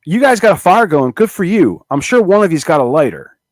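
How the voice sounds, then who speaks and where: A man talking on a podcast in loose, profane banter, his pitch swinging up and down as he works himself up over a story. The sound is close and dry, with no room around it. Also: brisk, no room sound. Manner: animated, swears freely, rambling restarts. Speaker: podcast co-host.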